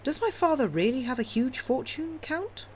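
Woman voicing greedy young man, boastful, eager, high rising questions, audiobook. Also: lively intonation, moderate pace, darkish tone, a little hiss or hum.

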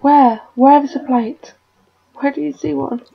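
A woman's voice: high-pitched, steady tone, a little slow, vocal fry, muffled recording. Chatty woman fussing over her game. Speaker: gaming video creator. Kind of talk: casual gameplay commentary.

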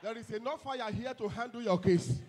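A man preaching a fiery deliverance sermon as pastor, shouting commands and speaking in tongues. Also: very high voice, normal speed, crowd noise.

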